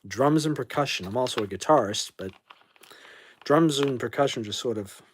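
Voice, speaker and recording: A man's voice: mid-range voice, animated, moderate pace, a little hiss or hum. A man from New England hosting a casual livestream, answering viewer comments and bluntly kicking out trolls as he rambles. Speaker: livestream host.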